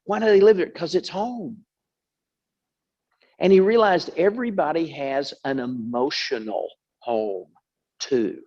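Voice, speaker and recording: A man leads a Bible study in a lively storytelling sermon. He often repeats words for emphasis, and his voice sits slightly high for a man. The recording sounds muffled and lo-fi. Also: unhurried, long pauses.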